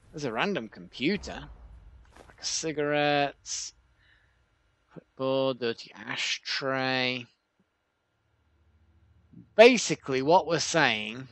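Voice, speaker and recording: A man giving casual commentary while playing a video game, chatty and prone to excitable outbursts and swearing. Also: mid-range voice. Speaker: let's play gamer.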